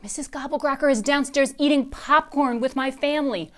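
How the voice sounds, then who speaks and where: A woman doing a dramatic, loud little girl. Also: sits high, a little fast, pitched above the performer's own voice, natural voice. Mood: urgent. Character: young girl, dramatic and bossy.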